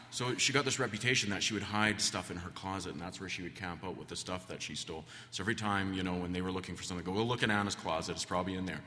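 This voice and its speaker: A man's voice: low-pitched, bright, forceful tone. A man preaching a sermon in a church, telling folksy family stories with plenty of ums and restarts. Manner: folksy, rambling, many fillers. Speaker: guest preacher. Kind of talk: sermon with storytelling. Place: church sanctuary. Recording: long church reverb.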